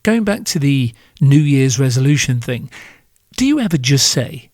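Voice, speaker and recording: A man's voice: medium pitch, sing-song, moderate pace, a little mellow, dry recording, clean studio sound. Sardonic British man ranting. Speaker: podcast host. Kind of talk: solo podcast monologue.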